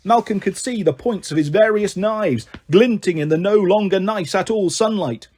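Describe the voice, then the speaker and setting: A man reading a children's book aloud in an expressive, animated way. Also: high voice, moderate pace. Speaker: storyteller.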